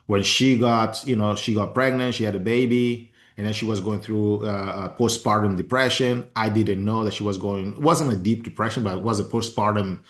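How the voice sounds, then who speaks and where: A man with a fairly low voice hosts a casual podcast interview in English, which is not his first language. He talks with passion and expression, circling back and restarting sentences as his thoughts build. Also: steady tone, moderate pace, hardly any pauses. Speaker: podcast host.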